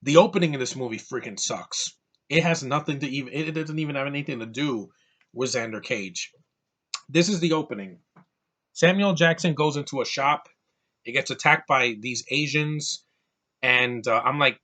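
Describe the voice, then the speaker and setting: A man with a bright, forceful voice rants through a movie review. He sounds exasperated and keeps restarting his sentences as he goes. His pitch sits in an ordinary middle range. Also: moderate pace. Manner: exasperated, ranting, repeats words and restarts. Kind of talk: casual movie rant.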